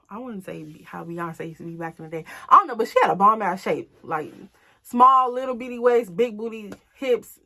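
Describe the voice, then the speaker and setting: A woman's voice: medium pitch, a bit bright. Chatty, blunt young woman telling a story. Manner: chatty, blunt, swears freely. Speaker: storytime vlogger. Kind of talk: casual storytelling to camera.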